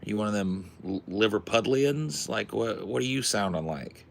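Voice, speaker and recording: A male podcast host chatting casually, crude and joking, with an animated delivery. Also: fairly low pitch, normal speed, gravelly, a little hiss or hum.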